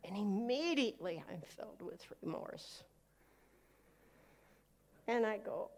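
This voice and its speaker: A woman pastor giving a live sermon, telling stories with humor and acting out prayers loudly. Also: mid-range voice, animated, takes it slowly, pauses often, slight background noise.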